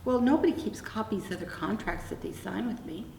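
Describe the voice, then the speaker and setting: A woman's voice: medium pitch, a little fast, creaky. An older woman, a guest in an oral-history interview, telling a story in a blunt, wry way with lots of quoted back-and-forth. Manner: animated anecdote with quoted dialogue, blunt and wry. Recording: roomy echo, distant mic, faint room hum.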